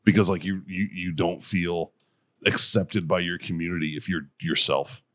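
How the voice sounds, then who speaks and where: A man co-hosting a casual podcast, swearing often and telling animated stories with a deep voice. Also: moderate pace. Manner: profane, animated storyteller. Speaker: podcast co-host.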